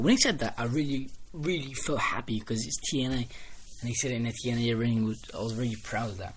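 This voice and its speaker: A man giving a casual spoken review of a wrestling show, rambling and excitable, restarting sentences as he retells the matches. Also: mid-range voice, fast, hardly any pauses, a little hiss or hum. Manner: rambling, excitable recap with restarts and quoted lines.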